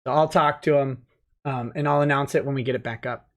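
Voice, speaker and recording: A man's voice: medium pitch, fairly even intonation, a little fast. A man hosting a casual livestream, joking and rambling while reading out chat messages. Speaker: livestream host, lawyer.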